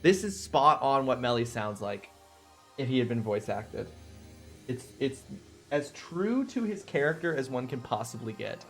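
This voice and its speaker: A man's voice: medium pitch, measured pace, gravelly, soft background music. Chatty young streamer man. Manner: chatty, excitable, responding to chat. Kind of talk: casual live-stream chat.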